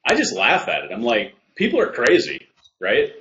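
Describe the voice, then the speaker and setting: A man co-hosting a podcast, chatting in a relaxed, casual way and laughing easily. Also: mid-range voice, moderate pace, lo-fi sound, slight background noise. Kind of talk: casual chat. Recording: echoey room.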